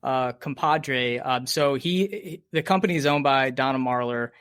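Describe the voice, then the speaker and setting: A podcast host chats casually but hesitantly, leaning on many fillers. His medium-pitched voice is clear, resonant and a bit bright, moving at a moderate pace, in a dry, studio-quality recording.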